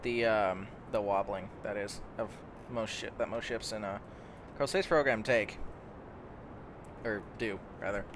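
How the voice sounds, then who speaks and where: A man's voice: fairly low pitch, unhurried, pauses often, noisy background. A young man casually commenting on his own gameplay, rambling and stumbling over words, easily amazed.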